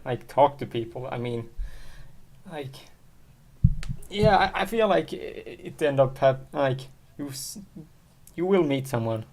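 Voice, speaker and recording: A man's voice: medium pitch, expressive, unhurried, a little mellow, slight background noise. A man hosting a casual chat show, mostly giving short, agreeing replies and speaking with some hesitation. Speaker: podcast host.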